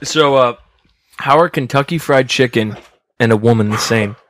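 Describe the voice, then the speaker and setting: A man's voice: mid-range voice, moderate pace. A man in casual podcast chat, telling crude jokes with setup and punchline. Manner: tells jokes with setups, laughing.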